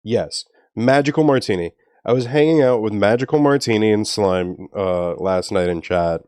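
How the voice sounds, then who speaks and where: A man's voice: on the low side, animated, moderate pace, darkish tone, no room sound, studio quality. A man from New Orleans chatting casually on a stream, rambling and laughing often as he tells stories. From New Orleans, Louisiana. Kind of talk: casual chat.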